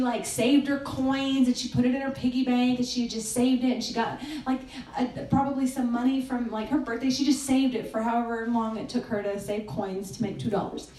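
A woman giving a conversational sermon. She tells a story and sometimes hushes her voice for quoted lines. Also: a little high. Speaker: speaker at a church gathering. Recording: echoey room, distant mic.

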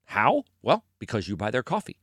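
A man's voice: medium pitch, normal speed, husky, no room sound, clean studio sound. A middle-aged man hosting a podcast, chatting casually about sports and reading an ad, telling stories with frequent chuckles. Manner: animated, storytelling, chuckles often. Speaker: podcast host. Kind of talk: casual sports chat with ad read.

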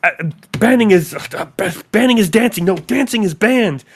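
A man's voice: sits high, animated, normal speed, creaky, slightly rough, pitched above the performer's own voice, exaggerated voice. Man playing a flustered dad figure, raised voice, sputtering. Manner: sputtering, tripping over words. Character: flustered stern father figure.

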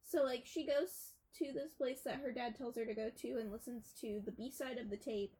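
A woman's voice: on the high side, fairly even intonation, normal speed, warm tone, poor audio. A young woman co-hosting a casual podcast, rambling through a film plot with frequent filler words. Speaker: podcast co-host. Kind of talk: casual chat retelling a film.

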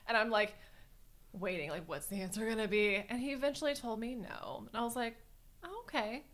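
A woman's voice: fairly high pitch, a little fast. A young woman co-hosting a casual podcast, telling anecdotes with lots of laughter and steering the segments. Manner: animated, laughs a lot, wraps up segments. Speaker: podcast co-host. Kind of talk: casual chat.

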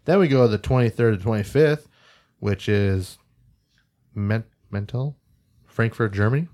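A man's voice: fairly low pitch, moderate pace, a little mellow. A man hosting a casual podcast, reading out a news list and stumbling over foreign place names. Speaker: podcast host.

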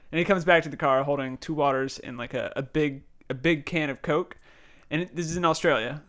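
A man's voice: on the high side, fast, a bit bright. A young man with a slightly raised voice chats casually as a podcast co-host. He is laid-back and joking, telling stories with offhand asides. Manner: joking, laid-back, drifts into silly put-on quotes. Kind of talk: casual chat.

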